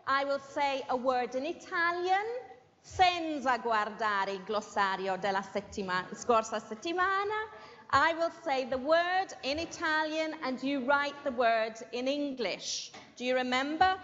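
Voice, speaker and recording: A woman's voice: high voice, measured pace, a bit bright. A woman teaching an English class in a classroom and leading a dictation, patiently repeating each word twice. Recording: dull lo-fi sound with long room reverb.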